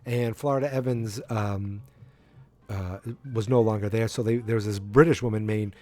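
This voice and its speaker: A man's voice: lowish voice, fairly even intonation, normal speed, warm tone, dry recording. A man hosting a podcast who gives a casual, rambling recap of a sitcom episode, full of fillers and restarts. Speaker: podcast host.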